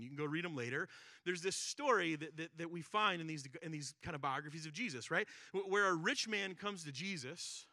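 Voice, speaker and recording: A pastor preaching a sermon in a conversational way, asking rhetorical questions and acting out quoted prayers. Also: male voice, fairly high pitch, sharp tone, no echo, studio quality. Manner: conversational, repeats words and acts out quoted prayers; rhetorical questions with frequent "right?" and "like".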